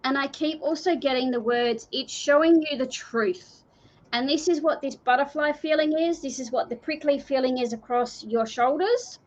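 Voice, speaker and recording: An Australian card reader gives a live intuitive reading, her high-pitched voice moving at a moderate pace. She sounds earnest and pleading, repeating herself often, over dull lo-fi stream audio.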